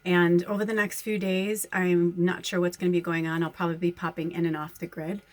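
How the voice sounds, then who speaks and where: A woman's voice: on the low side, little pitch movement, brisk, dry recording. A woman medium talking casually to her followers, rambling and chatty, often breaking into laughter. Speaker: spiritual medium and channel host.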